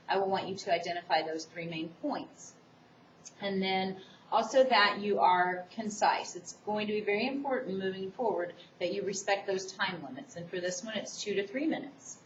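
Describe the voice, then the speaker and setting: A woman public speaking instructor giving a recorded course lecture, explaining the assignment in a quick, enthusiastic way. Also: mid-range voice, a little hiss or hum. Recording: distant, roomy, dull recording.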